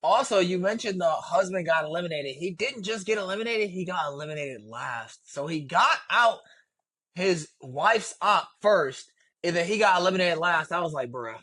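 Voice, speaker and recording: A man co-hosting a casual reaction podcast, talking in an animated, slangy way, his voice jumping up when he is exasperated. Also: sits high, moderate pace, no room sound. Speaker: podcast co-host.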